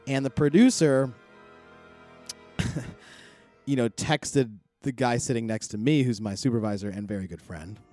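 A middle-aged man chatting as a podcast co-host, telling a long, rambling story full of swearing and loud quoted outbursts. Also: mid-range voice, unhurried, long pauses, soft background music. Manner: rambling, profane, animated when quoting others. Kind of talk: casual chat, storytelling.

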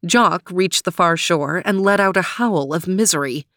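A woman narrating a children's adventure story in a measured, expressive way. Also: fairly low pitch, no echo, clean studio sound.

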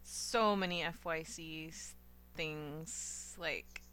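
A woman co-hosting a podcast, chatting casually and laughing often. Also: sits low. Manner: unhurried, lively, laughs often. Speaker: podcast co-host.

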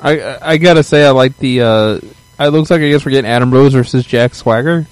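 A man's voice: mid-range voice, fairly quick, clean tone, no room sound. A man co-hosting a casual wrestling podcast, teasing his friends and often restarting his sentences. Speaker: podcast co-host.

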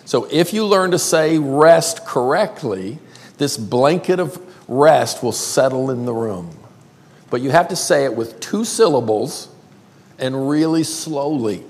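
An older man from South Carolina with a Southern accent, preaching a playful sermon and drawing words out slowly. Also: medium pitch, expressive, darkish tone. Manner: playful, drawls words slowly, calls crowd y'all. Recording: long hall reverb.

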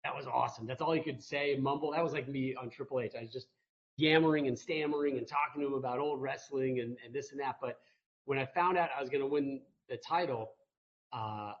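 A man's voice: medium pitch, fairly quick. A man telling a rambling, self-mocking story as a guest on a video call interview. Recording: muffled video call audio.

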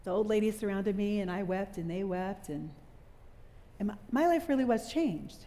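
A middle-aged woman preaching a sermon to a live audience, telling a story with animated delivery and quizzing the listeners. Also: mid-range voice, moderate pace. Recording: long hall reverb.

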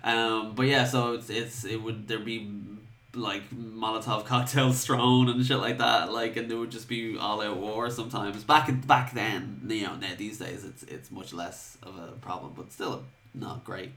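A man's voice: fairly low pitch, steady tone, unhurried, fairly bright tone. Sweary Irish man chatting casually. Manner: sweary, rambling, self-mocking. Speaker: podcast co-host. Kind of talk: casual chat.

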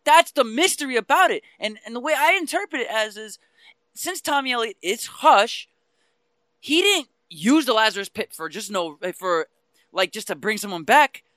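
A man talks fast and fired up, swinging between heated outbursts and quieter stretches of explanation. His voice has a bright, tense edge. The sound is dry and close. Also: very high voice, no echo. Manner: passionate, ranting, animated about comics. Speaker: podcast co-host. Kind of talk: casual chat.

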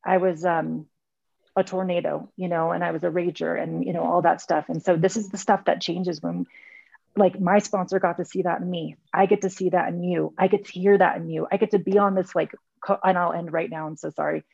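A middle-aged woman shares her story over a video call, rambling and circling back with lots of fillers. Her voice is gravelly and a bit low. The audio is dull and lo-fi, with a dry sound. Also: steady tone, a little fast, darkish tone, no echo. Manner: rambling, many fillers and restarts. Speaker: speaker sharing at a recovery meeting. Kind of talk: heartfelt personal share.

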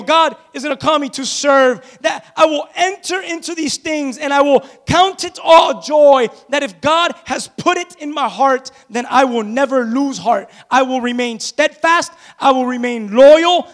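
A man with a strikingly high voice delivers a sermon as pastor of his church. He preaches emphatically, repeating his key phrases to build momentum, then drops into casual, conversational asides to the congregation. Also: fairly bright tone.

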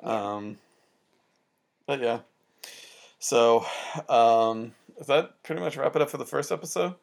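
A young woman co-hosts a relaxed podcast and drops easy laughs between her remarks. Her voice is unusually deep for a woman. She talks in a loose, unhurried way. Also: vocal fry. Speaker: podcast co-host. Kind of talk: casual chat.

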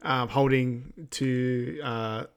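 A man co-hosting a podcast, recapping a film in a relaxed, agreeable way with many ums and yeahs. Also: medium pitch, extremely slow, clean tone. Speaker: podcast co-host. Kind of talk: casual chat recapping a film.

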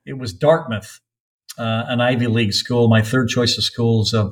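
An older man from North Carolina, a soccer coach guest on a podcast, telling long anecdotes with frequent pauses. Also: mid-range voice, fairly even intonation, poor audio. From North Carolina, USA. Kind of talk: podcast interview storytelling.

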